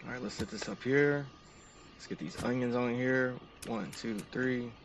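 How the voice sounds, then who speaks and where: A man's voice: mid-range voice, steady tone, normal speed, distant mic, slight background noise. A man narrating each step of a game to his stream chat in an upbeat, casual way.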